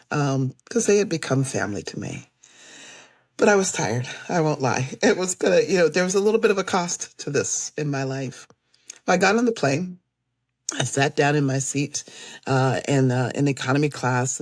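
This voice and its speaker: A woman storyteller telling a personal story in a lively way, acting out the people she meets. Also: low voice, no echo, clean studio sound.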